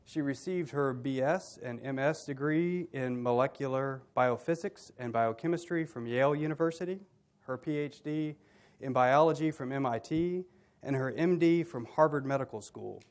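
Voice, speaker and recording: Courteous middle-aged man hosting an event. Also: medium pitch. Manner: measured and courteous, with dry humor. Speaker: event host and minister. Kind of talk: formal introduction at a university dialogue event.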